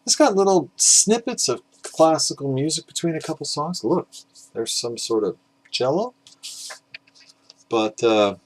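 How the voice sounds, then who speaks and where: A middle-aged man with a fairly high, animated voice presents records for his vinyl collecting video at a measured pace with long pauses. Exhausted after a five a.m. start, he rambles casually, running himself down and filling gaps with "uh."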